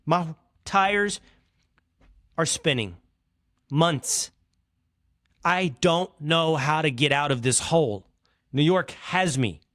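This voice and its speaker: A middle-aged man from Texas, hosting a podcast, telling an exasperated, comic story that swings from hushed asides to loud outbursts. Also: on the high side, animated, slow pace, pauses often, no room sound, studio quality. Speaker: podcast host. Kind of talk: animated storytelling monologue.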